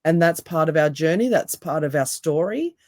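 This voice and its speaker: A deep-voiced woman, a hypnotherapist and coach, speaks as a podcast guest at a normal speed, calm and emphatic with repeated phrases. The audio is studio quality with no room sound.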